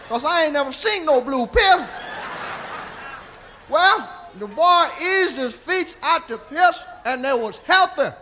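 A man's voice: very high voice, bright, forceful tone, a little hiss or hum. A man telling a profane comic story in a drawling way, tagging his lines with "see?".

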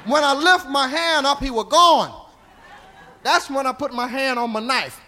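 A man's voice: very high voice, a little slow, noisy background. A man telling a profane comic story in a drawling way, tagging his lines with "see?".

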